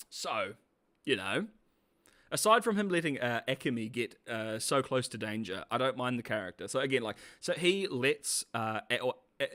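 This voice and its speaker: Male reviewer, casual and mocking, laughs and swears, animated mid-pitched delivery. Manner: sarcastic, laughing, swears and says bro. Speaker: show reviewer. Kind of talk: casual video review commentary.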